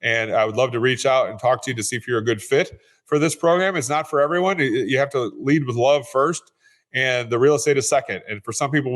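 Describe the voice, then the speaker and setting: A man's voice: medium pitch, fairly bright tone. Earnest man telling stories in an interview. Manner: earnest, repeats words while restarting. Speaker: real estate investor guest. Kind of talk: casual interview storytelling.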